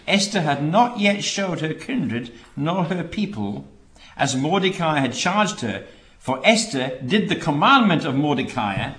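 A man's voice: fairly high pitch, fairly bright tone, reverberant. A man teaching a Bible study sermon, reading scripture aloud and breaking off into emphatic asides. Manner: reads scripture then digresses with emphatic asides.

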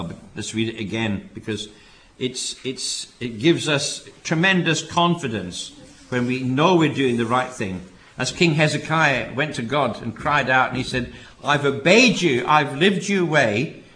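A man's voice: mid-range voice, normal speed, pushed and bright, slight background noise. Earnest male preacher giving a sermon. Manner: earnest, repeats phrases, rises to emphatic exhortation.

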